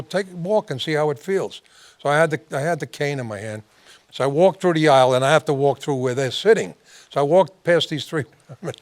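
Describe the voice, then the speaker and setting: A man hosting a talk show, telling rambling anecdotes with frequent restarts and laughing through his stories. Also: fairly high pitch. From New York. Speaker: host.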